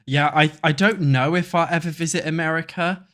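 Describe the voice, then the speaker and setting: A man's voice: fairly high pitch, fairly even intonation, moderate pace, fairly bright tone. A young British man talks casually over his gameplay and thinks aloud as he builds. He rambles, swears freely and chats loosely with his viewers. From England. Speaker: gaming YouTuber. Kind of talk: casual chat while playing a building game.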